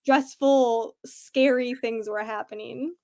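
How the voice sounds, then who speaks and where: High-voiced chatty young woman. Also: fairly even intonation, slow pace, warm tone. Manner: chatty, laughs often, many fillers. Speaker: book club discussion participant. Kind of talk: casual book discussion.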